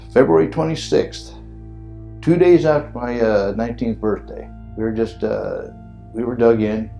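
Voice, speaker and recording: An older man tells a vivid war story for an oral history interview, mimicking the gunfire and the voices of the people in it. His voice is low and gravelly. A soft guitar plays under him. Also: normal speed. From United States. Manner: animated storyteller, acts out sounds and voices. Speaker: veteran telling war story.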